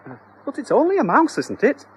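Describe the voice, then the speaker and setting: A man's voice: huge pitch swings, brisk, a little hiss or hum, exaggerated voice. A man doing a fussy fretful housewife. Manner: high, fretful and prim. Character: fussy anxious middle-aged housewife.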